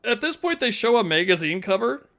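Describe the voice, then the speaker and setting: Gravelly male podcast co-host, animated, bright tone, acts out movie scenes. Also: sits high. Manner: animated, laughs often, acts out scenes in quick voices. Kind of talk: casual movie-review chat.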